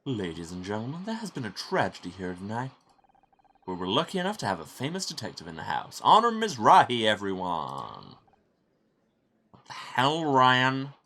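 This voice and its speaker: A man's voice: on the low side, wildly swooping pitch, fairly quick, vocal fry, a bit bright, slight background noise, heavily acted. Man doing a sneering smug game villain. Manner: sneering, mock-polite. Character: smug, cruel young man taunting a detective.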